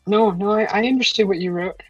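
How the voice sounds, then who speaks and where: A woman's voice: medium pitch, fairly quick, breathy edge, no echo, lo-fi sound, soft background music. A middle-aged woman hosting a casual live stream, chatting to viewers with a sickly, weakened throat, rambling and laughing often. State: sick, throat still weak. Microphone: computer microphone for live stream.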